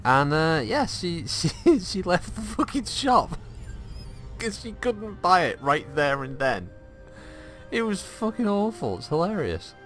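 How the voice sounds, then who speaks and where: A man giving casual, animated gaming commentary, laughing and swearing freely as he tells stories. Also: high-pitched, a little slow, soft background music. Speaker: gameplay streamer.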